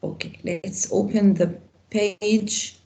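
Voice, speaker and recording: A woman teaching an English grammar class online, explaining with slow example sentences and quizzing students. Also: medium pitch, fairly even intonation, creaky, mellow.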